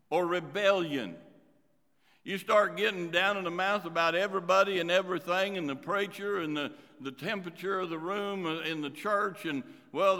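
A man preaching a sermon as pastor, swinging between loud emphasis and quiet asides. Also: on the high side. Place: church sanctuary. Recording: reverberant church hall.

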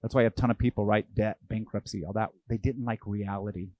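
A man's voice: fairly low pitch, steady tone, quick pace, darkish tone, no room sound. A man preaching a sermon as pastor. He asks his listeners questions and acts out the voices of the people he quotes.

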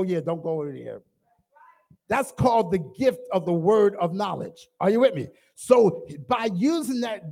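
Man, pastor, sermon, high voice, gravelly, shouting and soft asides. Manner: preaching with call-and-response, swinging from loud shouting to low asides.

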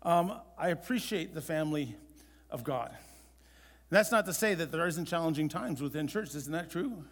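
High-pitched male pastor, chatty sermon, lots of restarts, long hall echo. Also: expressive, a bit bright. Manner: conversational, with halting restarts.

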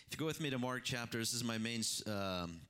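Male pastor delivering a sermon; impassioned, swings in pitch and volume, repeats phrases for emphasis. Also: lively intonation, a little fast, clean tone. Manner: impassioned preaching with sudden rises and drops in pitch and loudness.

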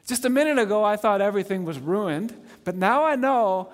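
A high-voiced man preaches with earnest feeling, his voice swelling and then dropping low. He keeps asking his listeners questions. A long reverb trails after his words in a large hall. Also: expressive, moderate pace. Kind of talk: sermon.

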